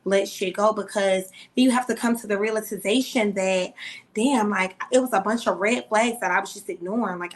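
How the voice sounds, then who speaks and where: A woman co-hosting a podcast, talking candidly and emphatically about her own experience in casual chat. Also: on the high side. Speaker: podcast co-host.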